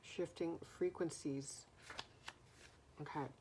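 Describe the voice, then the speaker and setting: A woman giving a slow, musing oracle card reading, often pausing to listen and repeating words as they come to her. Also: sits low, steady tone, noisy background.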